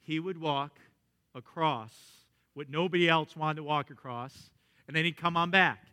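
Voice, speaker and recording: Man, pastor, sermon, storytelling, bright forceful voice, slightly high pitch. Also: unhurried, clear, resonant tone. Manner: storytelling preacher, swings from excited to hushed.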